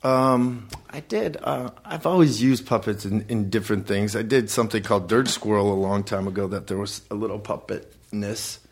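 A man who grew up in Los Angeles, chatting casually as a podcast guest in a relaxed way. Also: lowish voice, normal speed, hardly any pauses, slightly rough. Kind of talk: casual chat.

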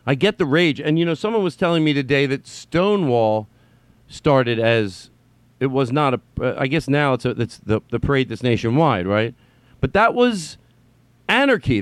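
A man giving an unscripted personal monologue, rambling with stammered restarts and blunt swearing, swinging from quiet musing to loud impassioned ranting. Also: fairly high pitch, dry recording.

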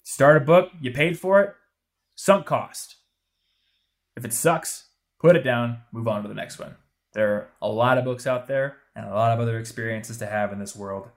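A man co-hosting a podcast, giving blunt, emphatic advice in casual chat. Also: medium pitch. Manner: emphatic, punchy advice-giving with quick asides. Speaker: podcast co-host.

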